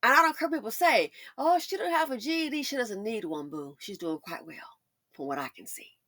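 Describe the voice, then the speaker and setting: A woman's voice: fairly high pitch, lively intonation, brisk, bright, forceful tone, dry recording, studio quality. A woman giving sassy, emphatic, opinionated celebrity commentary. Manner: sassy, emphatic, mocking asides. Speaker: commentary channel host.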